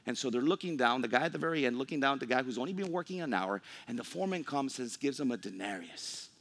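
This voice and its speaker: Animated man preaching with lively pitch. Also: fast talker, vocal fry. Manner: animated preaching, acts out grumbling workers. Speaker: pastor. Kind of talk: sermon.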